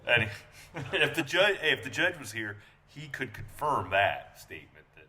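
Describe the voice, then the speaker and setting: A man's voice: medium pitch, very animated, normal speed, background noise. A male host in casual conversation, reacting and joking.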